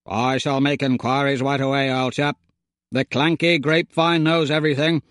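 A man's voice: mid-range voice, level tone, normal speed, a bit bright, clean tone, dry recording, clean studio sound, close to an everyday voice. Fields: Sex: male. Figure: a man voicing a chummy robot butler. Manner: chummy, old-fashioned slang. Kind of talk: audiobook character voice.

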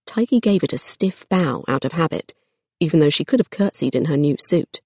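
A narrator reading a children's fantasy story aloud at a steady, measured pace. The voice sits mid-range and is recorded close and dry, with no echo in the room. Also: medium pitch, husky.

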